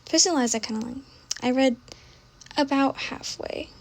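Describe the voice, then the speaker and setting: A woman's voice: sits high, a little slow. Chatty young woman rambling about books. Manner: chatty, scattered, often trails off and restarts. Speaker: book vlogger. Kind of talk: casual rambling chat while gaming.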